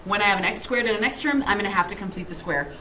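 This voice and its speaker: A woman's voice: medium pitch, rapid-fire, sharp tone. A woman math teacher walks through a lesson with a playful, upbeat manner, cracking small jokes as she goes. She sounds set back from the microphone in a classroom, with a faint hiss underneath. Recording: distant mic with faint noise.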